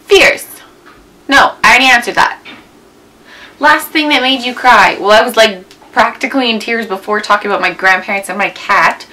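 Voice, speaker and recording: A woman's voice: a little high, fairly quick, bright, forceful tone, rough recording. A young woman in her twenties chatting casually at home in a vlog, rambling with lots of "like" and "um". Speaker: beauty vlogger. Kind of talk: casual chatty tag video. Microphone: camera mic.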